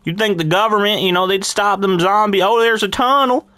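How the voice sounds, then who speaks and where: A man's voice: high-pitched, brisk, pushed and bright, clear, resonant tone, no room sound, studio quality. A man voicing a chatty rural farmer in a put-on accent while playing a video game, talking folksy and calling everyone feller. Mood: rambling. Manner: folksy country talk, calls everyone feller. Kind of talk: let's play commentary in character.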